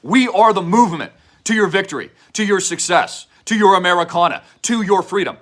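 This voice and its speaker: A man delivering a fervent, preachy direct-to-camera investment pitch, repeating slogans and at times shouting them. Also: brisk. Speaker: online show host pitching an investment project.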